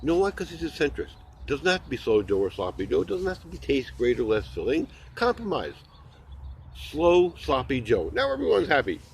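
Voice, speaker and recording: A man's voice: a little high, wildly swooping pitch, moderate pace, creaky, slight background noise. A man doing a rambling comedy monologue, full of stammered restarts and jokey asides.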